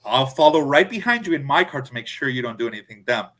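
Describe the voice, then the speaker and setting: A man telling a story in a casual chat, animated, acting out his friends' lines. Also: mid-range voice, fast talker. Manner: animated, acts out friends' quotes. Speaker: podcast co-host.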